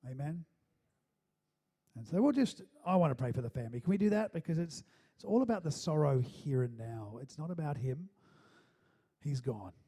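A male pastor speaking to his congregation in a church, moving between a loose, chatty sermon and prayer. His voice sits slightly high for a man but sounds dark and mellow. He keeps checking in with the room with a questioning "amen?". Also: animated, normal speed, slightly rough. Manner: conversational preaching, frequent calls of "amen?", fillers and restarts.

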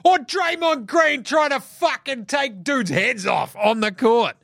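An Australian man hosting a basketball podcast, ranting in an animated, profane way and laughing between jokes. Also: very high voice, slow pace, vocal fry, no echo, studio quality. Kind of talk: solo sports podcast rant.

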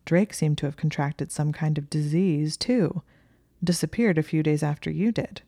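A woman reading the part of a sly young male student who teases and probes with a smirk, in a mellow voice. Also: deep voice, moderate pace, no echo, studio quality. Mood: sly, teasing. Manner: teasing, probing, smirking.

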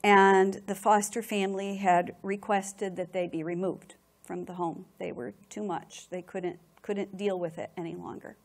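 A middle-aged woman gives an emotional, animated account of her personal testimony to an audience, repeating words when her feelings rise. Her voice is medium in pitch and her pace is measured.

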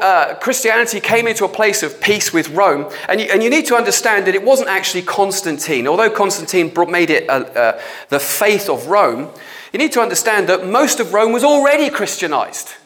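A male preacher giving a blunt, animated sermon, acting out the voices of people he quotes. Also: high voice.

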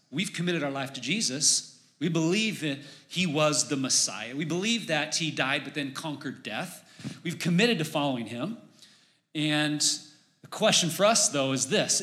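A man preaching a casual sermon, conversational and animated, acting out voices as he retells a story. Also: a little high. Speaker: pastor.

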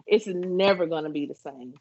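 A woman chatting casually on a group podcast, reflective, jumping high in pitch when quoting reactions. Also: normal speed, a little mellow, husky. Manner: reflective, lifts her voice high for quoted reactions. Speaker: podcast co-host. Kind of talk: casual group chat about a TV episode. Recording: dull lo-fi sound.

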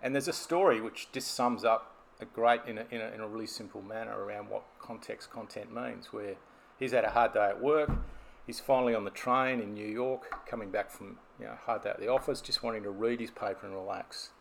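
Man, business coach, gravelly, explaining with stories. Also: on the low side, steady tone, brisk, a little hiss or hum. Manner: storytelling, explanatory. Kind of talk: podcast conversation.

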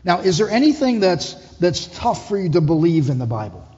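A man's voice: high voice, very animated, fairly quick, warm tone. A man preaching a conversational sermon as lead pastor, putting questions to the congregation. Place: church hall. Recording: dull echoey hall.

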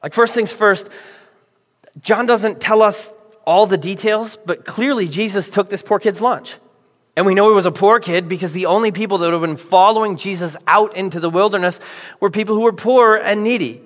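A male pastor delivers a sermon with lively, joking storytelling, briefly slipping into playful voices for the people he describes. His voice sits a little high for a man. A long reverb trails behind him, as in a large church hall. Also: normal speed.

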